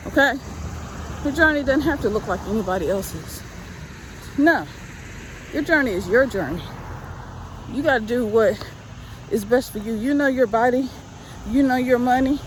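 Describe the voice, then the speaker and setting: Out of breath while walking down a residential street, this middle-aged vlogger offers casual encouragement, preaching and repeating herself insistently. She speaks at a moderate pace in a slightly high voice with lively intonation and long pauses. Soft outdoor street sounds sit underneath.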